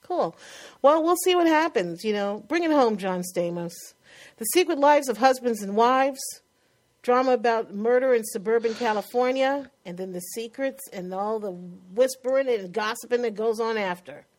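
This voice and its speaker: Chatty new york woman talking tv shows, kinda high voice, laughs a lot. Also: lively intonation, moderate pace. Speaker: podcast co-host. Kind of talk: casual chat about TV shows.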